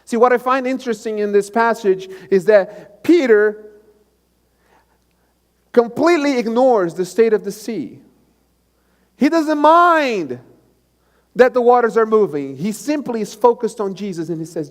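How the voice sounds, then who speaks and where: A male pastor preaching a live sermon, moving between loud emphatic bursts and quiet, low passages and repeating key phrases for emphasis. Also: expressive, unhurried, long pauses. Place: church sanctuary. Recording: live church recording with long reverb and music behind.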